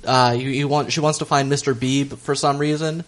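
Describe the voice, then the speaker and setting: An easygoing podcast co-host in casual chat, laughing often while recapping scenes. The voice sits at a plain middle pitch. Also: steady tone, normal speed, slight background noise.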